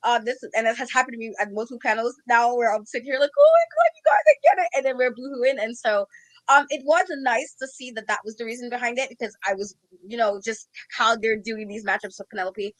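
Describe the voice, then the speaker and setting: A woman co-hosting a casual chat, talking in an animated way, a self-described easy crier. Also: fairly high pitch, quick pace, no room sound, low-quality recording. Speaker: co-host.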